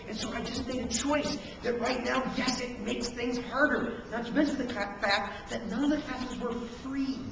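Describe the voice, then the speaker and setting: A man's voice: high-pitched, noisy background. A middle-aged male pastor preaching a conversational sermon, acting out little inner dialogues. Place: church sanctuary. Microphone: camcorder from the back of the room. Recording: distant echoey hall camcorder recording.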